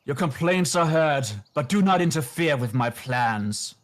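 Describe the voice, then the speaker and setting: A man's voice: on the high side, lively intonation, a little slow. A man voicing a scheming, shrouded male cultist puppet in a tabletop game's puppet play. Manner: scheming, sly.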